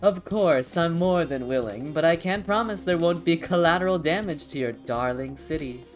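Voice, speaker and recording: A woman's voice: sits low, normal speed, faint music behind, voice pushed up, lightly acted. A woman voicing a sly, amused female assassin with a silky, teasing delivery.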